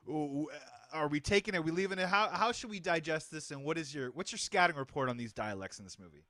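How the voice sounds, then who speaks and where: A man's voice: fairly high pitch, expressive, fast, sharp tone, no echo, clean studio sound. A man hosting a casual movie podcast, upbeat and often laughing, stretching words out for emphasis. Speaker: podcast host.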